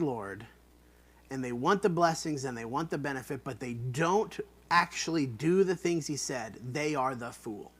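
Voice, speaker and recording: A man's voice: on the high side, fairly bright tone. A man teaching an online Bible study in an earnest, emphatic way, repeating points to stress them.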